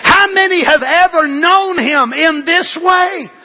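A man's voice: very high voice, slow, bright, forceful tone. An older man preaching a fervent sermon in a church, emphatic and drawn out, with frequent exclamations. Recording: dull lo-fi recording.

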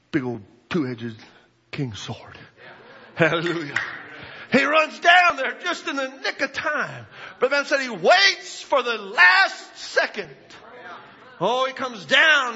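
A man preaching a sermon, telling a story in an animated way with bursts of shouting. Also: high-pitched, slightly rough. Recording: echoey hall, dull lo-fi sound.

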